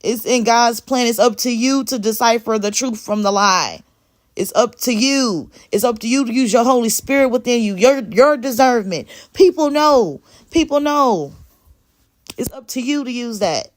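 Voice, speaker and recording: A woman's voice: a little high, normal speed. A woman talking live to viewers on her phone, emphatic and repeating her phrases as she answers the chat. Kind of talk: casual live stream talk.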